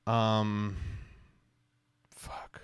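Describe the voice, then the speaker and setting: A man's voice: fairly low pitch, monotone, very slow, smooth, no echo. A man streaming, giving casual, mocking reaction commentary in a rambling way.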